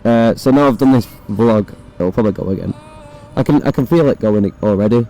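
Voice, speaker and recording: A young man with a hoarse, croaky voice, chatting casually and swearing while riding a motorbike, recorded on a phone inside his helmet. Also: lowish voice, brisk, warm tone, soft background music, rough recording. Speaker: motovlogger. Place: on a motorbike on city roads.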